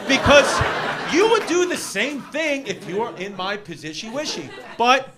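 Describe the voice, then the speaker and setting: A man's voice: extremely high pitch, lively intonation, normal speed. A man with a New York accent doing a brash, rambling stand-up set in a comedy club. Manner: rambling, brash, riffing on tangents. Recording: noisy club with roaring crowd. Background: loud audience laughter.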